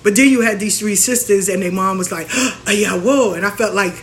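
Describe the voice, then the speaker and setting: A woman, hosting and talking casually, telling stories in an animated way and acting out the people she quotes. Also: mid-range voice, a little fast, a little hiss or hum. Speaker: spiritual practitioner and host. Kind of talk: casual monologue.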